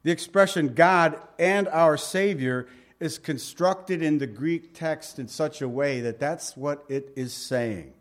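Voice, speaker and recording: Middle-aged male pastor, conversational sermon, slightly high voice, asks the room questions. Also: a little slow, hardly any pauses.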